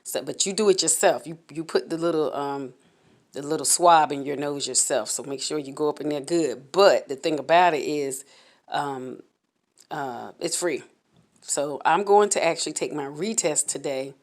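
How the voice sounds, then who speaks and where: A woman vlogger candidly recounting a personal experience to camera, halting and repeating words as she goes. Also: deep voice. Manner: candid, halting, repeats words while telling her story.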